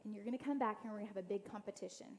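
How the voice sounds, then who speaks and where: A woman's voice: medium pitch, very fast, a little mellow, slight background noise. A woman giving an inspirational church talk as a guest speaker, telling family stories and speaking straight to her listeners. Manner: storytelling, addresses the audience directly; acts out quoted family voices.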